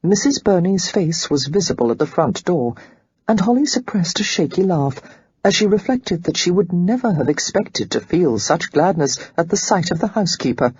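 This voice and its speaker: Very husky audiobook narrator. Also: mid-range voice, dry recording, lo-fi sound. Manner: steady, measured reading.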